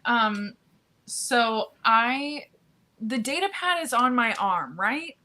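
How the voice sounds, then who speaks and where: A woman playing a tabletop game, speaking slowly and laughing between lines. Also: a little high, expressive, pushed and bright. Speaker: player.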